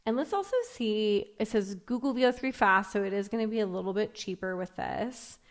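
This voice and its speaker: A young woman narrates a screen-recorded software walkthrough in a chatty, upbeat way. She thinks aloud as she clicks, with a pitch that sits in the middle for a woman. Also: fairly quick. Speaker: tech reviewer.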